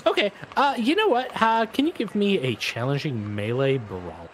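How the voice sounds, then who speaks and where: A man's voice: a little high, expressive, moderate pace, a little hiss or hum. A man running a tabletop game as game master, narrating loosely with many fillers.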